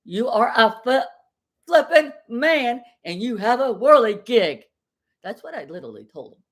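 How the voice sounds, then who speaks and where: Heated, high-voiced woman ranting on a vlog. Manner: heated and blunt, with mild swearing; rambling and repetitive. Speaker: vlogger. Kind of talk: casual vlog rant. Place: at home.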